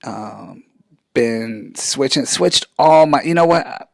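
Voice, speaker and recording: A man's voice: medium pitch, lively intonation, slow pace, creaky, dry recording, studio quality. A man in his forties hosting a podcast, rambling through a casual rant, chatty and loose, often trailing off and restarting. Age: 40s. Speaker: podcast host.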